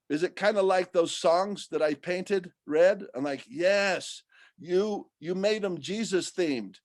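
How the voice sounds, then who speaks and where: A man talking casually and at length about faith and art, rambling and animated, often restarting his sentences. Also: sits high, no echo.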